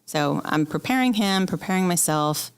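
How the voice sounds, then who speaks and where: A woman's voice: fairly low pitch, expressive, moderate pace, clean tone. A woman guest speaking candidly and with emotion in an interview, telling a personal story.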